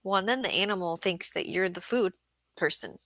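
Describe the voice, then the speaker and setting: A woman's voice: lowish voice, fairly quick, a bit bright, no room sound. A woman hosting a casual livestream about market gardening, chatting and reading viewer comments aloud.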